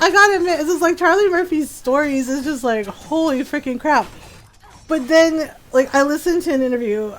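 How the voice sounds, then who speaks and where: Her voice sits high, and the recording is rough. She's streaming a game with casual chat, frequently laughing and performing the words of the people she talks about.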